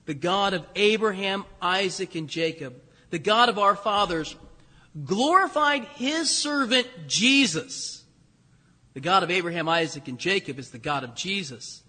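A male pastor preaching a sermon with animated storytelling and conversational asides. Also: high-pitched, a little slow, breathy edge. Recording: echoey hall with long reverb.

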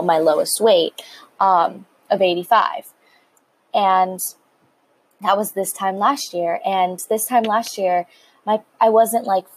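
A late-teen girl opens up to her viewers in a personal confessional. Her voice is soft and breathy, sitting at an ordinary middle pitch. She rambles candidly, restarting her sentences and filling them with likes. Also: poor audio. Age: late teens. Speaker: vlogger.

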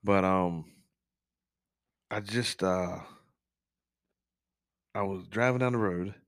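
A man hosting a casual podcast, telling a personal story in a halting, candid way with frequent swearing. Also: low-pitched, no echo, studio quality. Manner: works as an on-call technician, speaks plainly about long shifts. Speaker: podcast host.

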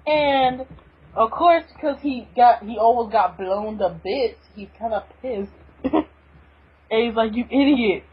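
A woman's voice: on the high side, slow, slightly rough, dull audio. A woman co-hosting a podcast, recapping a manga chapter in a giggly, enthusiastic casual way. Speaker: podcast co-host.

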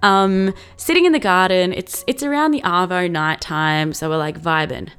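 A woman's voice: lowish voice, normal speed, a bit bright, clean tone. A young Australian woman in her twenties telling a story in a casual vlog, chatty and profane, full of likes and laughing asides. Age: 20s.

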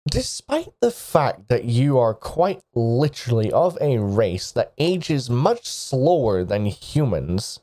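A man's voice: medium pitch, sing-song, slow pace, hardly any pauses, dark tone. A man doing haughty Lucinda Gruul. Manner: prim, patronizing. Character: haughty, proud woman lawmaster.

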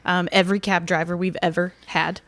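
A woman co-hosting a podcast, chatty and quick to react and laugh as she tells stories. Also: on the low side, little pitch movement, fairly bright tone, dry recording. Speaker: podcast co-host. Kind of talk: casual chat.

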